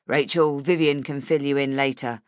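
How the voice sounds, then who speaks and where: A woman voicing an impatient male newspaper editor in an audiobook, brisk and businesslike. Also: extremely low pitch, fairly even intonation, clean tone, no room sound, clean studio sound.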